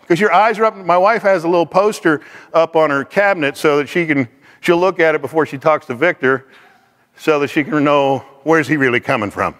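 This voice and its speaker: Male teacher, lively delivery, slightly high voice, long hall reverb. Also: normal speed. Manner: animated, acts out quoted people in voices. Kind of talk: teaching talk to a class.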